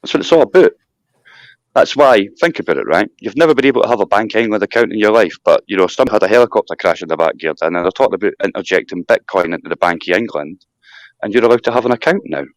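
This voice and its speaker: Scottish male host, rambling and animated, pitch jumps all over, dry close sound. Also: quick pace, dry recording. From Scotland. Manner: animated rambling rant with mocking asides. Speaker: live stream host. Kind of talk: casual chat.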